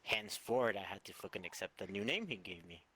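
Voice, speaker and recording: A man with a lowish voice that still sounds bright and forceful talks in a rambling, profane way. He leans on fillers and casual swearing while he reminisces with friends. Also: lively intonation, quick pace. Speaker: co-host of a gaming channel. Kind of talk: casual memorial chat.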